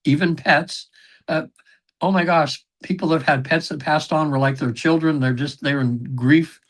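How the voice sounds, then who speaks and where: Rambling man telling session stories. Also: mid-range voice. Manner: rambling, frequent fillers and throat clearing, acts out quotes. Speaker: podcast guest, regression session facilitator. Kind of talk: casual interview storytelling.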